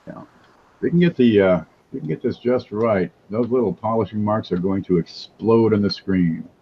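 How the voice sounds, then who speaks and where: A man's voice: lowish voice, normal speed, muffled recording, a little hiss or hum. A man hosting a casual livestream chat, wisecracking and joking as he talks. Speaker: host.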